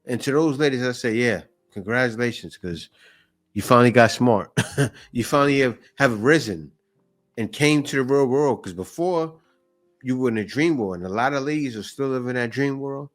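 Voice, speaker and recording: A man's voice: medium pitch, moderate pace, faint music behind. A man hosting a reaction show, commenting on a clip in a skeptical, lecturing way. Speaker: host reacting to videos.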